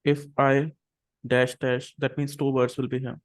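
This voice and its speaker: A man teaching an English class over a video call, patiently saying words slowly and repeating them for students to copy. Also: medium pitch, little pitch movement.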